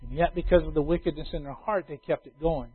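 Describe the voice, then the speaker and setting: High-voiced preacher on a tinny line. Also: male voice, quick pace, a little hiss or hum. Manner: builds to loud emphatic stress on key phrases. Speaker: pastor. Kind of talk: expository sermon. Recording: tinny phone-like sound.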